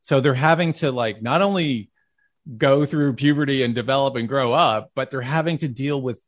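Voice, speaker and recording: A man's voice: medium pitch, normal speed. A male podcast host talking in a heartfelt, rambling way, with many "like"s and restarts. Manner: heartfelt, rambling, says "like" often. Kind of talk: casual interview chat.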